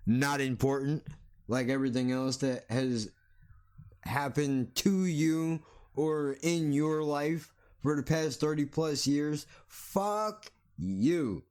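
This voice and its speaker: A man's voice: a little high, fairly even intonation, slow pace, darkish tone, clean tone. A man hosting a solo podcast, ranting bluntly and sarcastically with plenty of swearing. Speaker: podcast host.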